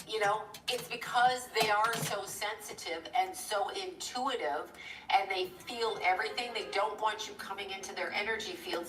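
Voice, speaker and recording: A woman chatting casually on a live stream while she draws, rambling, blunt and a little profane, with quick chuckles. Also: mid-range voice, noisy background. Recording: roomy echo from a distant mic.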